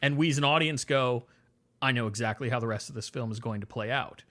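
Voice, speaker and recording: A man co-hosting a podcast, talking about a film in a measured, analytical way with hesitant fillers. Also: medium pitch, fairly bright tone. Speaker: podcast co-host. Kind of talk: casual film discussion.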